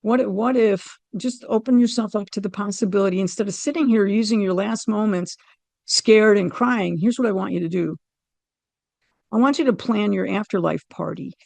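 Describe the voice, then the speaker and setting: A middle-aged woman recounting a personal near-death and family story in an interview, earnest and animated, acting out the dialogue. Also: mid-range voice, moderate pace, vocal fry, dry recording. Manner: vivid, emotional retelling of a family loss. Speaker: guest sharing a near-death experience.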